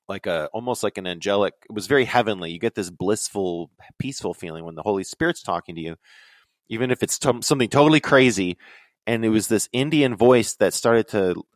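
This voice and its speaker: A young man telling rambling, excitable stories on a podcast, his voice leaping up high when he quotes himself. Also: no room sound. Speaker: podcast guest. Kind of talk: casual storytelling chat.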